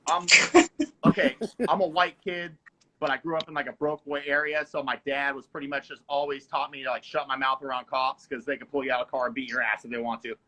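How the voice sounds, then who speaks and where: A man's voice: medium pitch, little pitch movement, quick pace, pushed and bright, poor audio. A young man in casual chat, laid-back, with lots of filler words and easy laughs.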